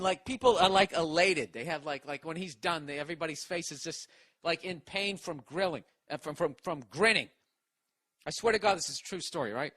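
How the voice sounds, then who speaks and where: A man with a Boston accent tells a story in a podcast monologue, swearing freely and doubling back on his words. His voice sits a little high and gets more animated as he goes. The sound is close and dry, with no room echo. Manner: profane, animated, rambling with restarts. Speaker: podcast host.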